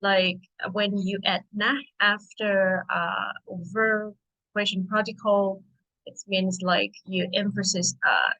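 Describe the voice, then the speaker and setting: This is a woman with a Thai accent giving an online language lesson. She speaks patiently and repeats each word slowly so her learners can follow along. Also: mid-range voice, flat delivery, creaky, bright, forceful tone, dull audio.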